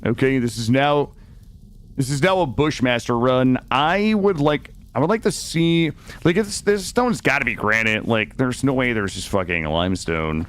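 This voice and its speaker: A man streaming a game live, talking to his chat in a loose, joking, foul-mouthed ramble. His pitch swings up and down constantly with playful energy, recorded close on a studio microphone. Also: a little hiss or hum. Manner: jokey, profane, chatty, talking to chat. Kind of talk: casual live gameplay commentary. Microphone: studio dynamic mic.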